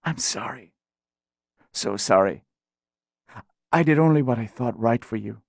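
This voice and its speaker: A man's voice: mid-range voice, expressive, a little slow, creaky, no echo, clean studio sound. A man doing a frail dying mother. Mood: tender. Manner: soft, weak, apologetic. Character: dying mother, grieving and tender woman.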